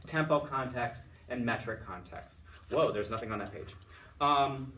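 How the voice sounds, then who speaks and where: A man's voice: mid-range voice, measured pace, pushed and bright. A male choral conducting teacher talks a student through feedback in an upbeat, rambling way, sometimes chanting rhythm words to show a point. He sounds a bit far from the mic, with a faint hiss in the room. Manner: chatty, upbeat, full of fillers and restarts; sings solfege and chants rhythm words to demonstrate. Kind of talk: feedback after a student lesson.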